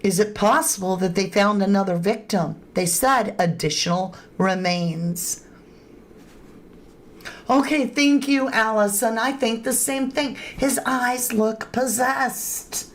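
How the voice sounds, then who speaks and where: Slow-talking woman hosting a crime livestream. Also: medium pitch. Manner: chatty, greets viewers by name, emphatic asides. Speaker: true crime livestream host. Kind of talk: casual live-stream commentary. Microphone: webcam or phone on camera.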